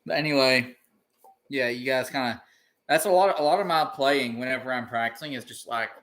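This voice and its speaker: A man's voice: mid-range voice, brisk, a little hiss or hum. A man and banjo teacher talking casually during a live practice session, rambling loosely through his explanations. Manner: relaxed rambling explanation with sung snippets. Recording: banjo music under the voice.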